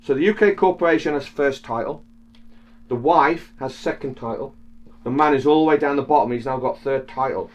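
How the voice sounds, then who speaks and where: Animated man explaining with emphasis. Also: medium pitch. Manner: emphatic, lively, teaching tone with rhetorical questions. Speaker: speaker explaining legal ideas. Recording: slightly dull, lo-fi sound.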